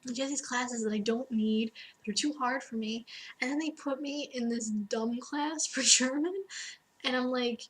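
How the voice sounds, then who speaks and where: A woman's voice: a little high, moderate pace, slightly rough, poor audio. A young woman in her late teens, an exchange student, ranting to her webcam in casual talk, full of "like" and acted-out quotes. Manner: animated storytelling, frequent "like" and acted-out quotes. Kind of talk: casual ranting monologue to camera.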